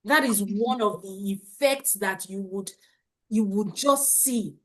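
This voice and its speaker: A woman's voice: medium pitch, a bit bright. A woman teaching a live parenting webinar, repeating her points and asking viewers in the chat to confirm. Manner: slow, repetitive, asks the chat to confirm. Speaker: parenting coach.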